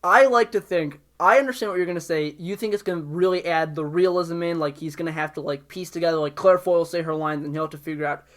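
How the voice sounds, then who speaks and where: A man hosting a casual pop culture podcast, riffing jokily and animatedly with his co-host. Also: fairly high pitch. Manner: jokey, animated, quick to riff.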